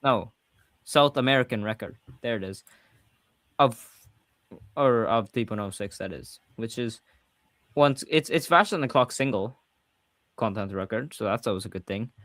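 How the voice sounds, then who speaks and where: A man's voice: mid-range voice, moderate pace, long pauses, a bit bright, no room sound. A man with a Swedish accent hosting a casual livestream chat, talking freely and often correcting himself mid-sentence. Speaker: podcast host.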